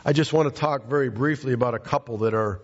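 A pastor preaching a sermon, emphatic and repetitive, calling out members of the congregation by name. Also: male voice, mid-range voice, fast talker, slightly rough, in a large hall, highs cut off. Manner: emphatic, repeats phrases, addresses congregation by name.

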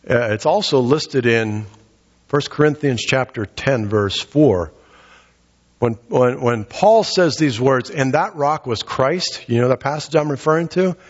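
A man's voice: mid-range voice, husky. A man preaching a sermon in a conversational way, asking rhetorical questions and voicing the people he quotes. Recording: dull lo-fi recording in a reverberant hall.

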